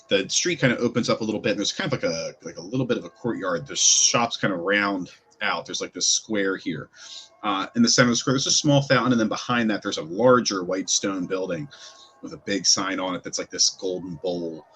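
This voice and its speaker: Low-voiced male game master. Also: a bit bright, slight background noise. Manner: casual, filler-heavy narration. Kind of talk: narrating a tabletop game.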